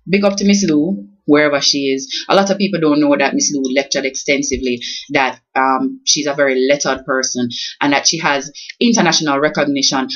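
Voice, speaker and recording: A woman's voice: deep voice, muffled recording. A woman from Jamaica with a Jamaican accent, talking casually to camera and switching between English and patois. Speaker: vlogger. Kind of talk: casual vlog with a recited poem.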